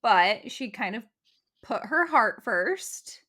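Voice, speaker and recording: This young woman speaks with a bright, forward tone in a casual podcast chat. She talks in a steady, earnest way and often chimes in with quick agreement. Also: a little high. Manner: steady and earnest, with lots of short agreeing replies. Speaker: podcast co-host.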